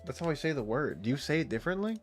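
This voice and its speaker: Rapid-fire and fairly high-pitched, this gamer's voice swings widely in pitch over faint background music. He streams live, chatting loosely with viewers, rambling, breaking off mid-thought, laughing often, and cursing freely.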